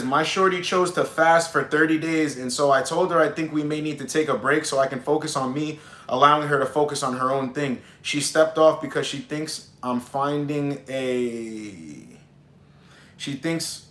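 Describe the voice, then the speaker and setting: A young man, working as a dating coach on a stream, chats casually in blunt slang with lots of swearing, acting out both sides of pickup scenes. His voice is a little high and a bit bright, with a roomy sound.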